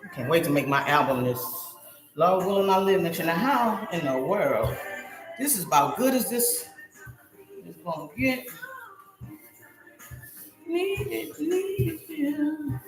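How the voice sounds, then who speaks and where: A hoarse middle-aged woman talks straight to her viewers as she bakes, her pitch swinging up and down as she exclaims to herself. The room rings with echo, and music plays underneath her. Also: expressive, unhurried, pauses often. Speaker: home baker streaming live. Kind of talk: chatty live cooking stream. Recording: echoey room with music behind.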